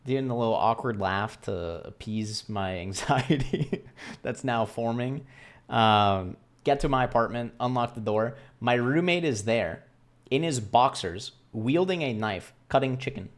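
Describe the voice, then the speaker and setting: A man's voice: medium pitch, measured pace. A young man casually telling a story to camera in a rambling, self-deprecating way, acting out the voices of the people he quotes. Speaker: vlogger.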